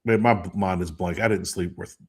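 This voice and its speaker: Tired guy in his fifties rambling on a sports talk show, lowish voice. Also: steady tone, fairly quick, noisy background. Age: 50s. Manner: rambling, chatty, loses names mid-thought. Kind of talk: casual chat.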